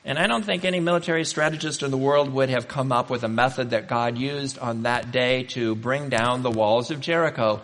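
A man's voice: mid-range voice, a little fast, hardly any pauses, fairly bright tone, long reverb tail. A male pastor preaching a sermon, telling stories in a conversational way and asking the congregation rhetorical questions.

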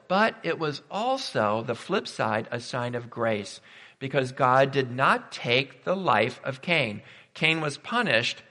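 A man's voice: medium pitch, sharp tone. A man preaching a sermon, emphatic and full of rhetorical questions. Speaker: pastor. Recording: reverberant hall.

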